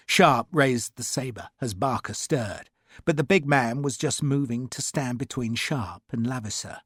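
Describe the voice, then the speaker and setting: A man's voice: mid-range voice, a little slow, husky, no room sound, clean studio sound. A man reading a historical adventure novel aloud as an audiobook, with vivid, dramatic storytelling. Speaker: audiobook narrator. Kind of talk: scripted narration.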